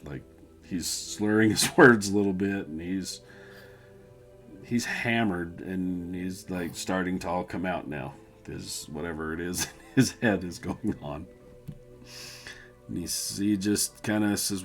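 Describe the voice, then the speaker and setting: A man narrating a tabletop game as game master, relaxed and often laughing as he describes scenes. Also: low-pitched, measured pace, soft background music.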